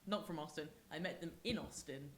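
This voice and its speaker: A young woman from England co-hosting a podcast, telling stories in a casual, animated way. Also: fairly quick, a little hiss or hum. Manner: animated storytelling, acts out quoted people with big pitch jumps. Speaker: podcast co-host. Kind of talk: casual chat.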